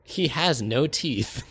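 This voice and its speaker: A man's voice: mid-range voice, animated, drawn-out words, fairly bright tone, breathy edge. A man narrating an improvised comedy story, rambling and giggling, with lots of filler words. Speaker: podcast co-host narrating.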